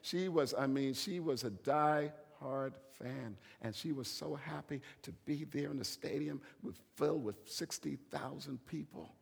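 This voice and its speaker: A man preaching a sermon as a bishop, telling a story and swinging between hushed whispers and loud, emphatic preaching. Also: on the high side, unhurried, gravelly, hardly any pauses, husky, big-room sound.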